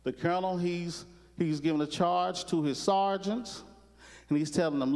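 A man's voice: high-pitched, moderate pace, darkish tone. A man preaching a sermon, retelling a TV episode and acting out the characters' lines as he goes. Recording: long hall reverb.

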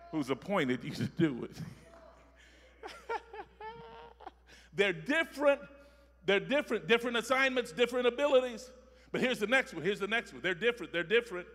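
A man preaching a sermon, repeating phrases rhythmically and building from soft talk to shouting. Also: sits high, long reverb tail.

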